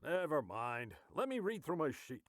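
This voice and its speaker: A man voicing a chaotic tabletop player who is goofy and defiant in an animated skit. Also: fairly high pitch, normal speed, no room sound, clean studio sound.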